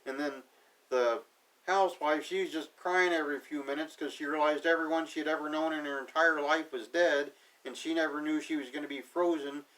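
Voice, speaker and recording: Man, slightly high voice, sarcastic casual recap, offhand paraphrasing, mic set back. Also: steady tone, moderate pace, a bit bright, recorded from a distance, poor audio. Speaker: TV episode reviewer.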